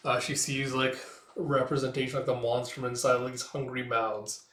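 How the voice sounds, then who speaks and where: A man talks his way through a comic book in a loose, chatty manner, with lots of filler words. His voice sits at a middle pitch and carries the echo of a roomy space. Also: level tone, a little fast, fairly bright tone. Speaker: comic reader and reviewer. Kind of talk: casual comic read-through.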